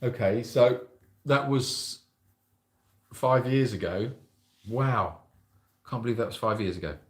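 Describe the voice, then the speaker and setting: A man's voice: medium pitch, slow. Host, man, rambling chatty storyteller, roomy echo. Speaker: sanctuary host. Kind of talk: casual livestream chat. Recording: echoey room.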